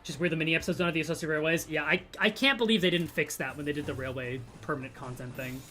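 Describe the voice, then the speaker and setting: A man's voice: a little high, very fast, bright, forceful tone. A man streamer chatting casually, reading chat aloud and joking. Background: faint music.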